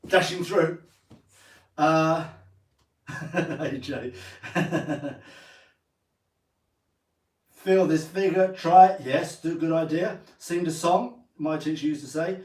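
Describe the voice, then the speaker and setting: English guy teaching a dance class, sings the counts, pretty high voice, echoey and away from the mic. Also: takes it slowly, a little mellow, far from the mic. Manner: chatty, counts and sings out the steps. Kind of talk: live-streamed dance lesson. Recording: roomy sound from away from the mic.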